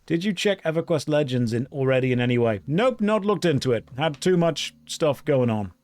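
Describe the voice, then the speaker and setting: A man live-streaming an online game, chatting casually with his viewers and joking in a deadpan way while reading their messages aloud. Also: a little high, moderate pace, no room sound.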